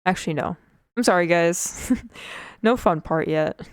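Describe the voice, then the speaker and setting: A woman's voice: lowish voice, a little slow, clear, resonant tone, dry recording, studio quality. A young woman from Canada chatting casually on a livestream while she draws, rambling with fillers, with a slight speech impediment. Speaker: Twitch streamer.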